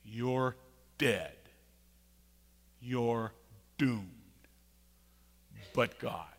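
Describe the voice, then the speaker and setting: A man preaching a sermon with emphatic, repeated phrases, swinging from quiet to loud. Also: medium pitch, drawn-out words. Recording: long hall reverb.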